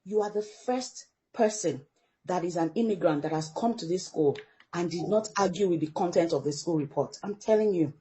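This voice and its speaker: Middle-aged woman from Africa, parent guest, animated storyteller who plays out quoted dialogue. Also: fairly low pitch, normal speed, slight background noise. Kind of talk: storytelling in a podcast interview.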